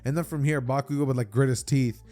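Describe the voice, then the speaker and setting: A man's voice: mid-range voice, fairly even intonation, fast talker, dark tone. A young man casually telling a fan-fiction story, rambling with stammered repeats and many fillers.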